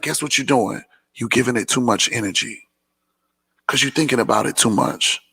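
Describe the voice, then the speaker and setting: A man's voice: medium pitch, moderate pace, creaky, bright, forceful tone, slightly rough. A man giving casual motivational talk to his followers, preachy and repeating phrases for emphasis. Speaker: motivational vlogger hosting a Q&A. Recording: long hall reverb.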